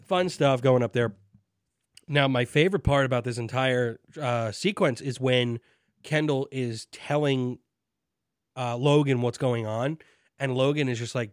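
Man co-host, animated and jokey, in a dry room. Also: medium pitch, a little slow, pauses often, no echo. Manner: animated, jokey, acts out lines from the show. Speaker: podcast co-host. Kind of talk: casual chat.

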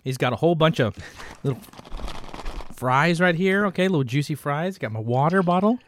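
A man hosting a casual podcast, excitable and joking, laughing and swearing while eating. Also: on the high side, a little fast, a little hiss or hum. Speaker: podcast host.

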